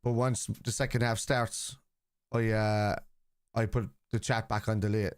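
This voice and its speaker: A man's voice: on the low side, flat delivery, a little slow, clean tone, dry recording, clean studio sound. A man from Liverpool in casual live-stream chat, rambling and teasing commenters as he reads out messages during a football watchalong.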